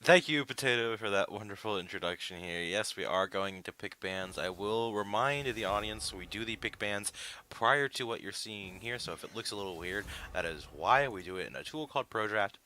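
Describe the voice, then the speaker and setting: Deep, bright-toned male esports analyst. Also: moderate pace, slight background noise. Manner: analytical, with frequent "uh" fillers. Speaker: esports caster.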